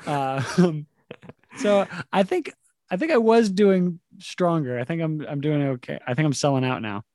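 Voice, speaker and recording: A man's voice: on the high side, animated, moderate pace, a little mellow, dry recording, studio quality. A man in his thirties, a comedian guest on a casual podcast, rambling with frequent laughs. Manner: laughing, rambling, slips into mock voices.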